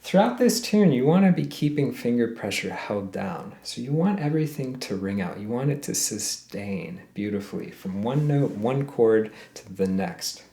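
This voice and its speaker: A man's voice: medium pitch, expressive, normal speed, few pauses, mellow. A man teaching a ukulele lesson step by step, counting beats aloud, humming the melody and calling viewers "guys". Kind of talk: friendly step-by-step music lesson. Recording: roomy echo with ukulele playing.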